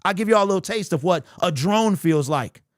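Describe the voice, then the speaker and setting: This sports channel host's livestream commentary has him reacting to super chats with heated, repetitive arguments and lots of animation. His voice sits high and he talks a little fast, with a dry, clean studio sound.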